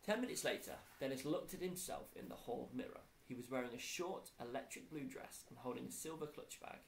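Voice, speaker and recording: A male primary school teacher reading a children's book aloud in a warm storytelling way. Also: mid-range voice, a little fast, vocal fry, slight background noise, low-quality recording.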